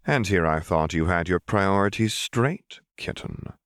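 A man's voice: low voice, animated, unhurried, a bit bright, no room sound, clean studio sound. A man reading an audiobook, voicing a smug, powerful woman company director in a languid, teasing manner. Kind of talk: audiobook character voice.

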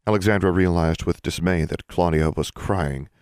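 Deep-voiced male audiobook narrator. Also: moderate pace, darkish tone, dry recording, studio quality. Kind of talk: scripted narration.

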